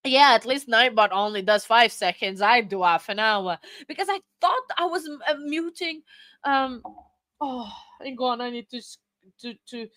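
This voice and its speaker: A woman's voice: fairly high pitch, moderate pace, a bit bright, no room sound. A woman hosting a live stream in casual chat, flustered and apologetic as she reads and answers viewer chat. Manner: flustered and apologetic, many fillers.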